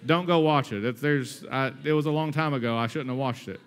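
A man in his thirties preaching a sermon in a conversational, energetic way, with asides and humor. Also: mid-range voice, a little fast. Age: 30s. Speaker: pastor.

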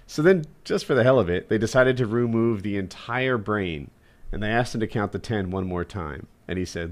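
A man's voice: on the low side, lively intonation, normal speed. A man co-hosting a podcast, telling bad jokes in casual banter and mocking himself. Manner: self-mocking joke teller. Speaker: podcast co-host.

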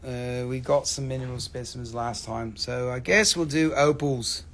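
A livestream rock seller chats casually while hosting a live sale, his mid-range voice moving at a moderate pace with hardly any pauses. He's animated and profane, joking and cursing throughout.

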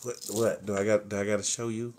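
A man's voice: fairly low pitch, flat delivery, fast, background noise, close to an everyday voice. A man playing a bragging bling-crazy shopper. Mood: boastful. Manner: braggy, repetitive, stammering. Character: boastful man, a bling-obsessed bargain shopper. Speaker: comedy skit creator. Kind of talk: comedic unboxing skit.

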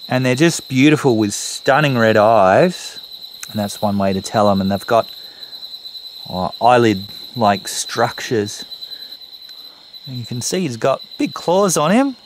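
Australian man, wildlife vlog host, casual field narration, middle pitch, night creek, insect chorus behind. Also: a little hiss or hum, rough recording. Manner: chatty, talks to animals calling them mate. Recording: outdoor recording with loud insects. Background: crickets and insects.

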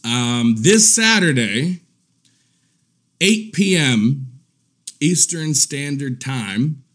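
Animated and stretching out his words, a man presents a crude, profane live commentary stream packed with mockery. He laughs at his own cracks and moves back and forth between quiet muttering and loud indignant ranting.

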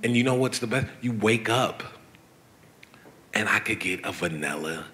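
Low-voiced excitable man in his thirties. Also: normal speed. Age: 30s. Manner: animated, storytelling, laughs often, slangy. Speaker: guest artist. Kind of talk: excited live talk on stage. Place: event venue before a live audience.

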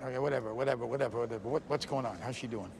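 An actor playing an intense, volatile male stage star on a phone call, lovesick and swinging from low brooding menace to shouting. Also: rapid-fire, noisy background, close to an everyday voice. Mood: irritated.

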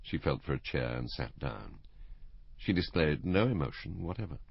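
A man narrating an audiobook in the first person, measured and steady. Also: very deep voice, creaky, breathy edge, dry recording, dull audio.

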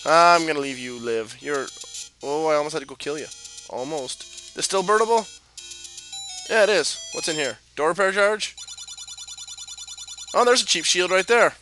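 A man giving profane, excitable, self-mocking commentary while playing through a video game. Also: on the high side. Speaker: let's play host. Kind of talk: let's play commentary.

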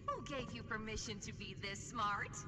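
Mommy Long Legs, a sugary menacing toy. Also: female voice, a little high, very animated, unhurried, big-room sound, music in the background. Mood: mocking praise. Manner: sugary, mocking, motherly praise with sinister whispers. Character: creepy giant female spider-like toy, sweet and menacing.

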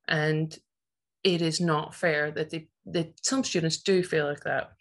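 A woman's voice: low voice, fairly even intonation, unhurried. A woman in her forties with a Northern Irish accent, a teacher giving a passionate, emphatic personal talk at a presentation. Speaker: teacher and conference speaker.

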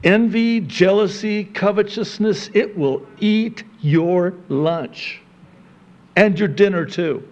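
A male pastor preaching a sermon, swinging between loud, high emphasis and low, quiet asides, with conversational chuckles to his congregation. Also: slow pace, dull audio.

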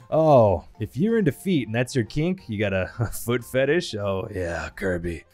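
A man's voice: on the low side, very animated, measured pace, darkish tone, soft background music. A man from the United States giving casual commentary on images, laughing often and exclaiming in disgust. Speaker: reaction video creator.

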